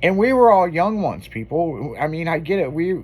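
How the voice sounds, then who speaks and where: A man's voice: a little high, big pitch swings, moderate pace, darkish tone. A man hosting a radio show, telling a long story in casual, profanity-laden on-air banter.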